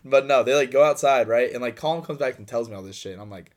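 A man's voice: mid-range voice, fast talker. A young man co-hosting a podcast, telling a story in a rambling, profane way with many fillers and acted-out dialogue. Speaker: podcast co-host. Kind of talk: casual storytelling.

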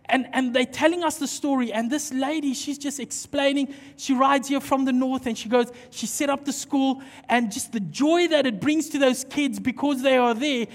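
High-voiced pastor preaching. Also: male voice. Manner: animated storytelling, acting out dialogue. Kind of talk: sermon with storytelling. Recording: long hall reverb.

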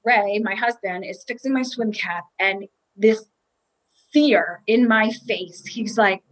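A woman's voice: medium pitch, slow, low-quality recording. A woman telling a candid, emotional personal story about a triathlon, with restarts and quoted inner thoughts.

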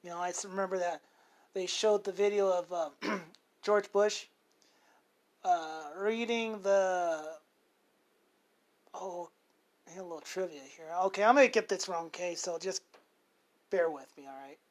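A man's voice: high voice, unhurried, long pauses. A man in his forties, hosting an unscripted monologue. He rambles, corrects himself often and swears freely. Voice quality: rambling, with many self-corrections and fillers. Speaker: show host.

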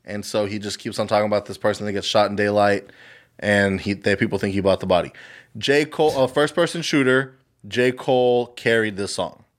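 A man's voice: lowish voice, steady tone, a little fast. A young man co-hosting a casual podcast, rambling through his opinions, swearing freely and slipping into mocking impressions. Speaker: podcast co-host. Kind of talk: casual chat.

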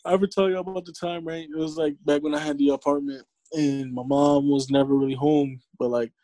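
A young man in casual talk, cursing freely as he acts out the people in his stories. His voice is mellow and dark, with little bite at the top. The sound is dry and close, with no room around it. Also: on the high side, brisk, dry recording. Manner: profane, animated storytelling with acted-out quotes. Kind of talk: casual chat. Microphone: remote call audio.

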